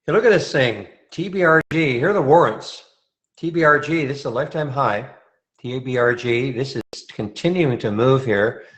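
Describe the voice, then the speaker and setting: Casual man commenting on live trades. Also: mid-range voice. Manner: casual, thinking aloud with restarts. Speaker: trading room host.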